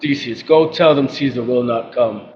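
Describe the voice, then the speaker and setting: A man's voice: mid-range voice, normal speed, close to an everyday voice. A man playing a proud, commanding Roman ruler in an audio drama, speaking in a stately, declamatory way. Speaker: actor playing Caesar. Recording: dull lo-fi with faint noise.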